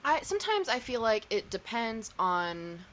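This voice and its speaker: A young woman co-hosting a podcast in casual chat, laid-back and teasing, quick to laugh. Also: fairly high pitch, very animated, fairly bright tone, slight background noise. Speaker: podcast co-host.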